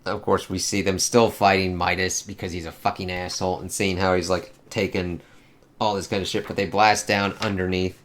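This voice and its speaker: A man with a lowish voice talks through a comic book in a loose, unscripted way. He swears freely and keeps reaching for fillers as he goes. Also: level tone, moderate pace, a bit bright. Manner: rambling, profane, many fillers. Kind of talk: casual spoken review.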